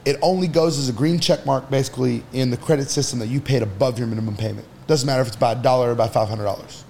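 A man's voice: medium pitch, quick pace, creaky, mellow, a little hiss or hum. A man on a podcast as an entrepreneur guest, talking casually and bluntly, with some swearing, while he gives advice. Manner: blunt, profane, advice-giving.

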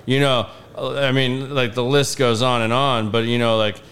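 A man with a medium-pitched, somewhat bright voice that barely moves in pitch tells a long story at a normal speed. He's a podcast guest in casual chat, rambling with plenty of fillers and acting out what people said.

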